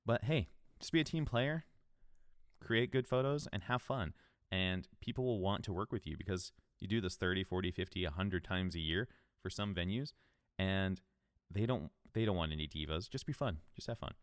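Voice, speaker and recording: A man's voice: low-pitched, moderate pace, dry recording, clean studio sound. A man hosting a solo podcast, giving casual, upbeat advice in a conversational way. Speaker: podcast host.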